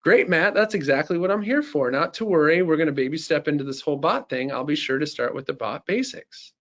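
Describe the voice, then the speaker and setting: A man's voice: a little high, animated, brisk, a bit bright, dull audio. A man voicing a sassy female chatbot assistant with a put-on Southern belle accent, sweet-talking the user as darling and sugar. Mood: sugary sales pitch.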